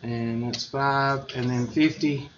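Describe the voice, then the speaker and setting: A man's voice: medium pitch, fairly even intonation, slow pace. A man teaching a math class, joking and drawling as he goes. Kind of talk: classroom lecture. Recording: echoey room, dull lo-fi sound, faint noise.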